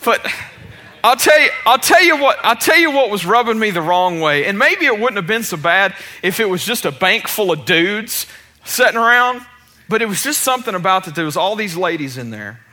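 Bright, lively-voiced male preacher. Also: sits high, moderate pace. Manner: casual and chatty, with many restarts and self-deprecating asides. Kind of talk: storytelling sermon.

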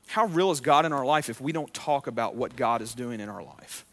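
A man's voice: on the high side, a little fast, few pauses. A man pastor preaching a sermon in a conversational way, with frequent restarts and fillers.

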